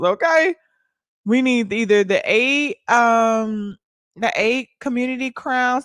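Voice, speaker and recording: A woman hosting a casual livestream, talking to her viewers in a loud, playful, hyped way and swearing freely. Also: mid-range voice, animated, measured pace, no echo, clean studio sound. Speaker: livestream host.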